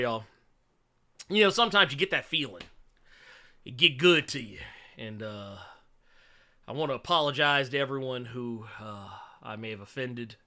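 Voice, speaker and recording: A man's voice: mid-range voice, bright, forceful tone. A man hosting a casual livestream, laid-back and slangy with his viewers, who keeps cracking up laughing and apologizing. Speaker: livestream host.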